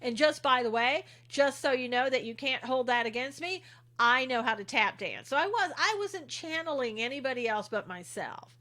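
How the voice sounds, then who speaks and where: Sitting high and sounding pushed and bright, this middle-aged woman's expressive voice runs at a normal speed. On her casual livestream she reads viewer comments aloud, replying sarcastically and chattily with plenty of laughs.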